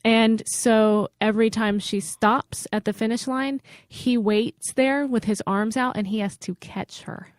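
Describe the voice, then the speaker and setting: A woman's voice: fairly high pitch, fairly even intonation, unhurried, hardly any pauses, no room sound, clean studio sound. Teasing woman co-host telling a story. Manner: teasing, tells stories at an easy pace. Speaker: podcast co-host. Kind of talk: casual storytelling chat. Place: podcast studio.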